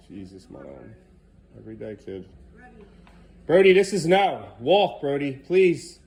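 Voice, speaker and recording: A man's voice: fairly high pitch, sing-song, unhurried, pauses often, darkish tone, slightly rough. A man filming a casual home vlog, coaxing his kids along and talking to the camera. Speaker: parent vlogger. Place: family home kitchen.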